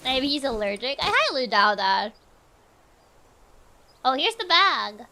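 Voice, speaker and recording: A woman's voice: high-pitched, sing-song, slow pace, pushed and bright. A woman streamer giving casual let's-play commentary, chatty and thinking aloud.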